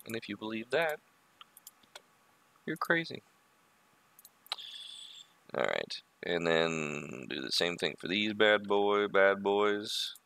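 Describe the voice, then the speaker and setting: A man with a low, gravelly voice talks his way through work on a 3D model in a relaxed, unhurried livestream. His tone is bright and edged, and his pitch swings widely as he mutters to himself and drops in wisecracks. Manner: mutters to himself with joking asides. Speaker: livestream host. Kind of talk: casual running commentary while working on a 3D model.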